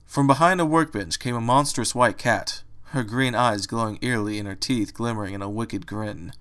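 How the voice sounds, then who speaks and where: A man reading a story aloud with an expressive narration style. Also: medium pitch, moderate pace, clean tone. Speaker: reader.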